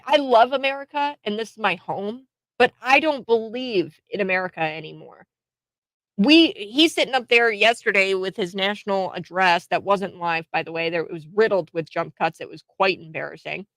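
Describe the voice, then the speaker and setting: A woman hosting a radio talk show, giving animated, mocking political opinions with frequent restarts. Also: lowish voice, moderate pace, dry recording. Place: radio studio.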